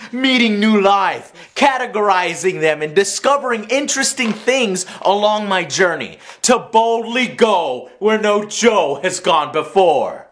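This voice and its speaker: A man's voice: sits high, fairly bright tone. A man reading a scripted game review voice-over, earnest with a wry edge.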